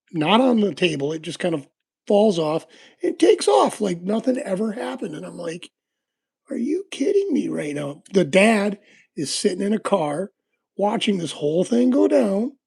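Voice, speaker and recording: As he picks locks on a casual livestream, a man rambles through easygoing stories to his viewers, filling them with fillers. He speaks unhurriedly in a high voice with big pitch swings, creaky, a little mellow, and slightly rough.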